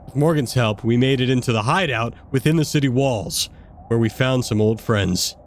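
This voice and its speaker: A man, a tabletop game player, recapping the adventure in an excited, stumbling way with laughs. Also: mid-range voice, moderate pace, a little hiss or hum.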